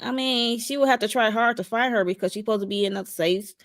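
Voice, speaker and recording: A woman's voice: a little high, quick pace, no echo, clean studio sound. A woman co-hosting a casual live-stream discussion, chatty and full of fillers. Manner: chatty, talks back to the screen, trailing fillers.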